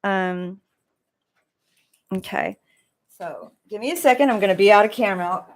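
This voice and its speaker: A woman's voice: medium pitch, moderate pace, no echo. A woman hosting a casual livestream from home, reading viewers' comments aloud and rambling between asides. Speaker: livestream host. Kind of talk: casual live-stream chat. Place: home room with a fan running. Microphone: desk microphone.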